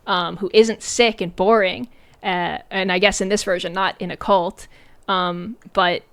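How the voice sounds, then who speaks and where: A woman's voice: mid-range voice, fairly bright tone, clear, resonant tone. A woman streamer giving casual, sarcastic commentary on a movie, talking loosely with lots of filler words. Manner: chatty and sarcastic, many fillers and "like"s.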